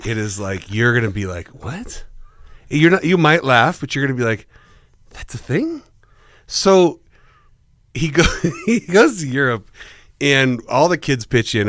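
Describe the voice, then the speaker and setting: A man's voice: no echo, clean studio sound. A man co-hosting a podcast, casually telling a story, swearing often and mimicking others. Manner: animated, swears a lot, mimics his dad in a low gruff voice. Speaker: podcast co-host.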